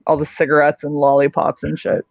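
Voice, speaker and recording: A man's voice: a little high, monotone, a little fast, gravelly, no echo. Chatty man drawing on a stream. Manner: chatty, complains while working. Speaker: comic artist host. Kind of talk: casual chat while drawing. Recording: slightly dull lo-fi stream audio.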